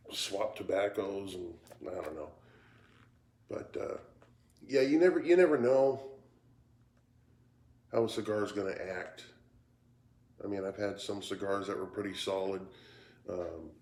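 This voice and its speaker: A man talking casually in a cigar review vlog, tired and yawning, with a halting way of speaking that repeats words. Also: low-pitched, darkish tone. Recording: roomy echo.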